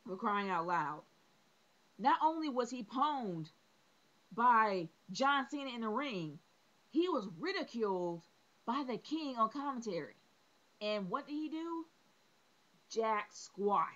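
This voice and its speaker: A woman's voice: fairly high pitch, expressive, normal speed, a bit bright, lo-fi sound. A woman reviewing a wrestling show, exasperated and opinionated, piling up rhetorical questions and repeating her points.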